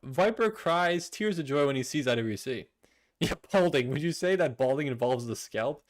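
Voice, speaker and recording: A man's voice: mid-range voice, animated, normal speed. A young man streaming casually, reading out viewer messages with playful, laughing indignation. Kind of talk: casual livestream chat.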